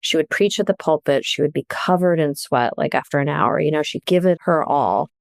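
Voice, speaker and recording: A woman with a low, gravelly voice talks as a podcast guest, animated and quick to laugh. The recording is dry and close to the mic. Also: no echo. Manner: animated, laughs while telling stories. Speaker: guest, journalist and author. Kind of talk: casual podcast conversation.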